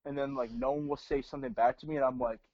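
A man's voice: mid-range voice, fairly even intonation, fast talker, dry recording. Laid-back joking man, dull dry sound. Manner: laid-back, joking, heavy filler words. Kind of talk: casual chat. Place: home, working remotely.

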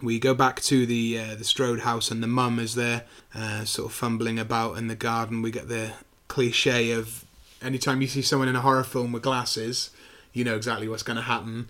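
A man co-hosting a casual film review podcast, retelling scenes with animated quick impressions. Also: mid-range voice. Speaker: podcast co-host.

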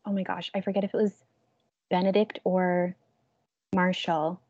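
A woman's voice: lowish voice, little pitch movement, moderate pace, darkish tone, no room sound. Young woman, casual book chat, filler-heavy; dry, dull-sounding recording. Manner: chatty, heavy use of filler "like". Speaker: book club member.

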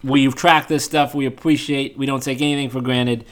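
A man co-hosting a podcast in casual chat, speaking in an earnest, measured way. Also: mid-range voice, steady tone. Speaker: podcast co-host.

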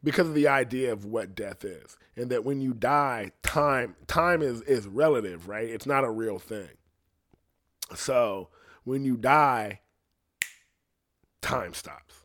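A young man rambles through a casual rant at an ordinary middle pitch. He swears constantly and restarts his sentences as he goes. His voice swings from excited bursts to low, mumbled asides. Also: slow pace. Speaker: singer ranting to camera.

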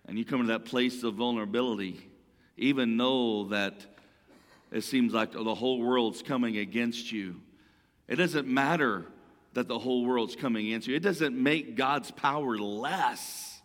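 A man's voice: mid-range voice, unhurried, fairly bright tone, big-room sound. A man preaching a sermon in a conversational way, often repeating and restarting phrases. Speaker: pastor.

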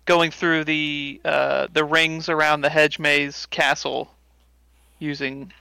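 A man in a tabletop game session with a gravelly but clear, bright voice, pitched a little high. He talks slowly and keeps second-guessing what he remembers. The sound is dry and close. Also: level tone, no echo. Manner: slow, second-guessing himself. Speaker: player. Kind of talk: tabletop role-play chat.

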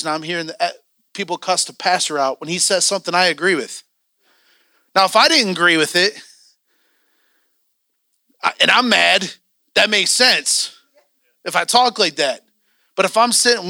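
A man's voice: high-pitched, sharp tone, no echo, clean studio sound. A man teaching a church training class, candid and joking, acting out the voices he quotes.

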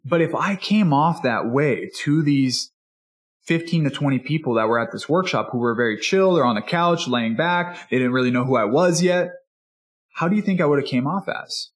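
Man, speaking coach, enthusiastic, animated, fairly high voice, motivational teaching tone. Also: normal speed. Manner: energetic and enthusiastic, animated delivery; acts out customer and salesperson dialogue. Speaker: speaking coach and podcast host.

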